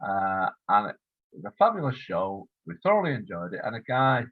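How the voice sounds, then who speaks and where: Older guy in his 70s telling a long story in an interview, husky voice, sounds like it's coming over a phone line. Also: fairly low pitch, very animated, normal speed, no echo. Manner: rambling anecdotal telling with quoted dialogue. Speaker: interview guest, writer.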